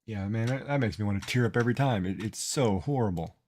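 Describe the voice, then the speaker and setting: A man's voice: fairly low pitch, fast talker, a little mellow, a little hiss or hum. Chatty middle-aged male streamer. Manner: rambling, emotional, repeats words. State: tearful, crying. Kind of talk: casual livestream chat.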